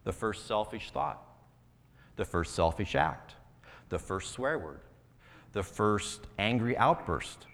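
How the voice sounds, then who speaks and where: A man's voice: fairly low pitch, animated, slow, long pauses, fairly bright tone. A man, a pastor, preaching a conversational sermon full of rhetorical questions. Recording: long reverberant hall.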